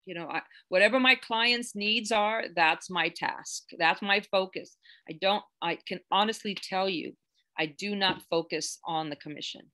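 Bright-voiced woman teaching agents. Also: mid-range voice, normal speed. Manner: earnest, chatty, many fillers and restarts; gets emotional, close to tears. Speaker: real estate agent teaching a class. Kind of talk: live online class.

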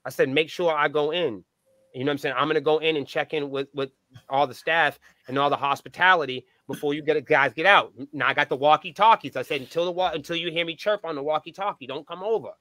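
A man with a high, bright and forceful voice tells a rowdy road story as a podcast guest. He swears freely and acts out each line of dialogue. The sound is close and dry, with no room echo. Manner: profane, animated, acts out dialogue. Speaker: band member, guest. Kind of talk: casual storytelling.

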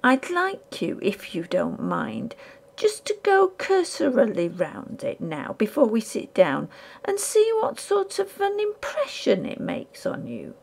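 A woman's voice: huge pitch swings, measured pace, gravelly, slightly rough, exaggerated voice. A woman doing a creepy, wheedling male collector. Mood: sly. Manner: high, hushed, insinuating voice.

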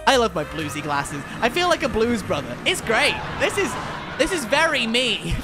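A young man chatting while streaming a game, excitable and theatrical, with mock outrage. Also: extremely high pitch, moderate pace. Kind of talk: casual gaming stream chat. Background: game music.

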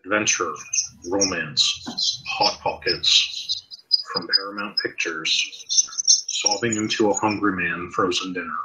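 Deep, slow monotone man. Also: rough recording. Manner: monotone, slow deadpan delivery. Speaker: player. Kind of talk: casual gaming chat.

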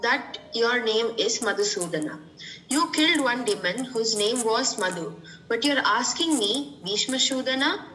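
A woman student reads a scripture commentary aloud to the class in a plain, steady way. Her voice is bright and forward and sits a little high. A faint ambient hiss runs underneath. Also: moderate pace, rough recording.

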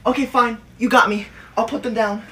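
With a very high voice held at a steady tone, a man performs a comedy sketch as a bossy schoolkid who lectures others preachily, whines, and is quick to threaten to tell the teacher. Background noise runs throughout.

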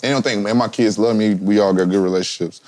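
A man's voice: lowish voice, steady tone, fast, darkish tone, dry recording. A man guesting on a podcast, chatting casually in blunt, profane street slang with a laid-back attitude. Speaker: guest, rapper. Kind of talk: casual chat.

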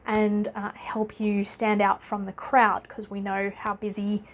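An Australian woman speaks to camera in a casual talking-head vlog, coming across as a business coach with a chatty, upbeat manner. Her voice is medium-pitched and monotone at a measured pace, and she laughs often and fills pauses with "uh".

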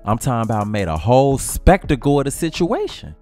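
A man's voice: medium pitch, big pitch swings, a little fast, darkish tone, faint music behind. Brash slangy man telling a comic story. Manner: brash slangy trash-talk. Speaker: comedy storyteller.

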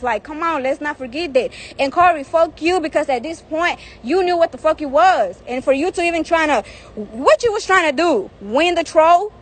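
Young woman, high-pitched, heated profane rant, phone live stream, outdoors. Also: a bit bright. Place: outdoors in the heat.

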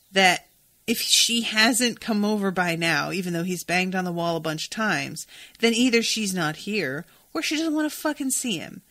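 A woman's voice: medium pitch, bright, forceful tone. A young adult woman hosting a podcast, recapping a TV episode in a chatty, casual way and swearing freely. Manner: chatty, swears freely, reads quoted dialogue aloud.

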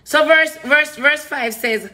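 A woman's voice: high voice, slow, sharp tone. A woman with a Jamaican accent preaching an impassioned sermon, hammering home repeated phrases and moving between patois and standard English.

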